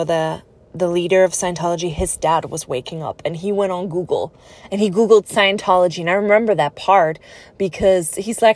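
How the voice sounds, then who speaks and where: A woman's voice: mid-range voice, no echo. A woman telling her own life story in a personal vlog, speaking in an earnest, conversational and reflective way.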